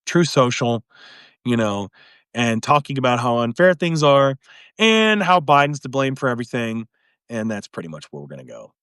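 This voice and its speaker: A man's voice: mid-range voice, dry recording, studio quality. A man hosting his own live video, talking through politics in a casual, chuckling way. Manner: animated, chuckling, acts out others in mock voices. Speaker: host of a live video commentary show. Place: home livestream.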